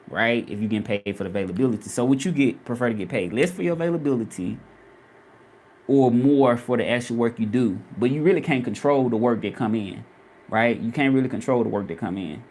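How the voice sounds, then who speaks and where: A man's voice: medium pitch, a little mellow. A man from Memphis with a Southern accent, chatting casually on a livestream and repeating his questions to viewers. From Memphis, Tennessee. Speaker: vlogger and freelance Spanish interpreter.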